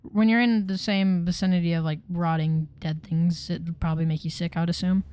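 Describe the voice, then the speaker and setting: A woman chatting through a game, excitable and tripping over her words. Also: fairly low pitch, fairly quick, clean tone. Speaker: gamer. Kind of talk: casual game commentary.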